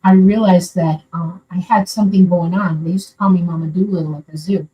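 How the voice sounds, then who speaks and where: Her lowish voice is warm, fairly quick, and fairly even in intonation. An older woman from Florida, USA, she calls in to tell a personal story with casual, earnest rambling, recorded on a distant mic with faint background noise.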